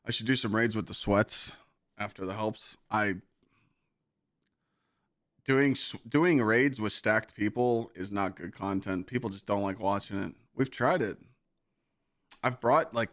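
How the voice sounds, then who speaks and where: A man's voice: lowish voice, steady tone, unhurried, fairly bright tone, no echo, clean studio sound. Laid-back rambling male streamer. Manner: laid-back, rambling, swears, many "you know"s. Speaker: game streamer. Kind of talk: casual chat with stream viewers.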